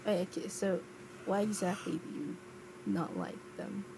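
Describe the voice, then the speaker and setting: A woman banters with a friend during a game stream, teasing her with quick remarks. Her voice has a gravelly fry, and her pitch moves in lively swings. Steady noise runs clearly under the signal. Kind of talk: casual chat.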